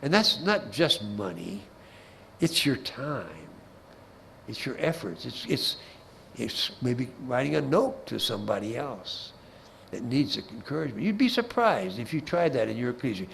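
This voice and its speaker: Lively, gravelly man giving a Bible class. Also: medium pitch, a little slow, a little hiss or hum, poor audio. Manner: folksy, with humorous anecdotes and asides; repeats words as he restarts phrases.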